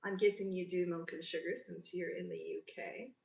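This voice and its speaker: A woman's voice: fairly low pitch, sing-song, moderate pace, darkish tone. A woman from South Africa hosting a casual livestream, chatting and reading out and answering viewer comments. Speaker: livestream host. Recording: roomy, from a distance.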